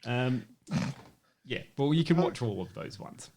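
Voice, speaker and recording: A man's voice: medium pitch, expressive, unhurried, creaky, a little mellow. A man co-hosting a podcast in casual chat, rambling and self-mocking, swearing freely. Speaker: podcast co-host. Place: home setup, live streamed.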